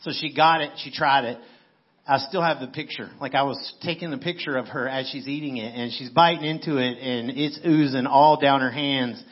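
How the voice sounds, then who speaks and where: A man's voice: mid-range voice, fairly even intonation, moderate pace, highs cut off. A man preaching a sermon in a church on a microphone, talking in a conversational way with playful storytelling asides. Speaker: pastor. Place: church sanctuary. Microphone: handheld microphone.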